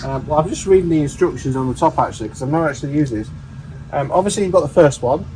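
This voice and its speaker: A man's voice: a little high, quick pace, warm tone, slight background noise, rough recording. A man reviewing a car in a casual, joking way, rambling and laughing as he demonstrates features. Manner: jokey, rambling, laughs often.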